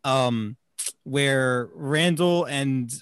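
A man from New Jersey co-hosting a casual movie discussion, animated, laughing often and restarting his sentences. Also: mid-range voice, extremely slow, clear, resonant tone, dry recording. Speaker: podcast co-host.

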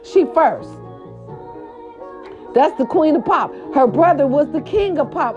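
Sassy woman dishing gossip, low-fi. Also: lively intonation, unhurried, pauses often, highs cut off, over music. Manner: sassy and emphatic, repeating catchphrases; theatrical, with swoops and growls. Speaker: gossip vlog host.

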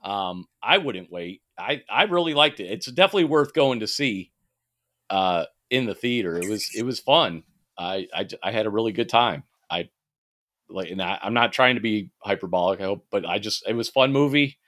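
A man's voice: on the low side, animated, moderate pace, fairly bright tone. A man co-hosting a podcast, chatting casually and animatedly about movies, swearing and laughing often, with many fillers and restarts. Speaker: podcast co-host.

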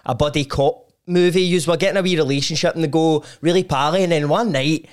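A man's voice: on the high side, fast talker, clear, resonant tone. A man hosting a podcast, chatting loosely and prodding his guest with questions. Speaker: podcast host. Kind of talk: casual chat.

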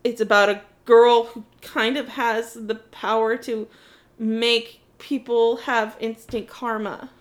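A woman's voice: on the high side, flat delivery, slow pace. A young woman co-hosting a casual book podcast, complaining bluntly and swearing often. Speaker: podcast co-host. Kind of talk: casual chat about books.

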